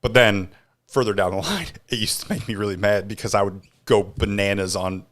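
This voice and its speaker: A man's voice: on the low side, fairly quick, a bit bright. A man co-hosting a casual podcast conversation, telling a story from his corporate days and acting out the quoted dialogue. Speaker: podcast co-host.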